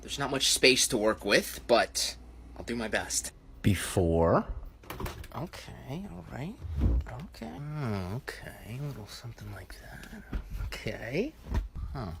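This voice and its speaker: Narrating a casual vlog from a cramped New York City apartment, this twenty-something American TikToker sounds upbeat and self-mocking. He speaks slowly at medium pitch, very animated and creaky, with a crowd audible behind him.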